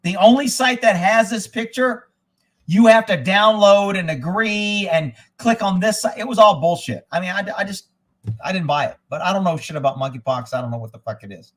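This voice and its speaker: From indoors at his rural home, a man hosts a live stream, talking in a blunt, profane, rambling way. His voice is high-pitched and a bit bright, at a normal speed.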